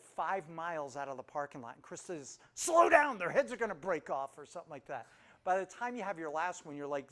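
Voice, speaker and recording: A man in his fifties, casually telling humorous family stories to a group and asking them questions. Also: a little high. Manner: humorous, asks the audience questions. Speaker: speaker introducing himself to a group. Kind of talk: casual storytelling talk.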